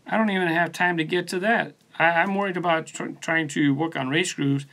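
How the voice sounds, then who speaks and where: Gravelly, bright-voiced man chatting loosely. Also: fairly high pitch, a little fast. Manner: laid-back, rambling, answers viewers by name. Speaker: channel host. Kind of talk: casual live stream chat reading comments. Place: his studio. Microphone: phone on a post.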